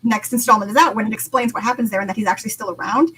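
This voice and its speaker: A woman co-hosting a casual book discussion, excitable and laughing often as she reads quotes aloud. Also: on the high side, rapid-fire, slightly rough, poor audio. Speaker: podcast co-host.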